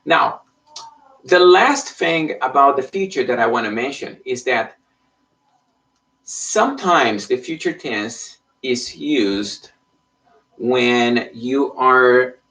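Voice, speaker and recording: A man's voice: medium pitch, animated, slow, a bit bright. A man teaching an online Spanish lesson in English, explaining patiently and checking in with frequent "okay?". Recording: voice somewhat far from the mic.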